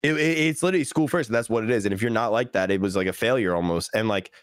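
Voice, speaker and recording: Fast-talking young man telling stories. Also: smooth, no room sound, studio quality. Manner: animated storyteller, acts out quotes with big pitch jumps. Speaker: podcast guest. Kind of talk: casual podcast chat.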